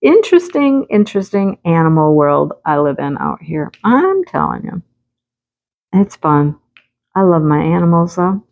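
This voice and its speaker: A woman craft vlogger at her rural home, telling a lively anecdote in a casual chat, often laughing. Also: sits low, a little slow, gravelly, muffled recording.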